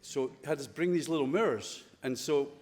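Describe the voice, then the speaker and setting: A man's voice: fairly high pitch, fairly quick, a little mellow, long reverb tail. Scottish man giving a chapel talk. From Scotland. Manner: conversational, playful, full of rhetorical questions. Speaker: school chapel speaker. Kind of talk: informal chapel talk to students. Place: school chapel.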